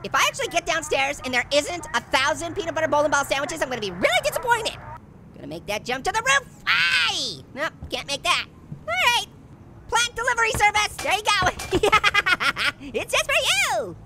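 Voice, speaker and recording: A performer voicing a hyper, wisecracking male talking orange in a pitched-up, squeaky voice, taunting and giggling while commenting on a game. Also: big pitch swings, moderate pace, very noisy, exaggerated voice. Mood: mischievous. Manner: taunting, loud exclamations, frequent laughs. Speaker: let's play host. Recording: loud game music behind the voice. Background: loud game music.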